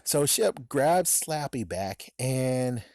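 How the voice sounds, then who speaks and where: A man's voice: medium pitch, expressive, slow pace, a little mellow, dry recording, studio quality. A man giving a casual, rambling spoken book review, swearing freely and laughing at his own jokes. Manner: rambling, profane, laughs often.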